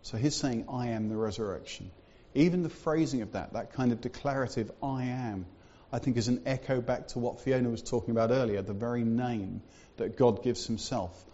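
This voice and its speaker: A man's voice: mid-range voice, a little fast, few pauses, dark tone, lo-fi sound. A man preaching a sermon in a church, talking in a conversational way with fillers and asides.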